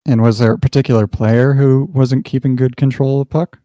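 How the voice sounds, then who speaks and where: A man narrating as game master in a relaxed, halting way with fillers. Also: medium pitch, dry recording.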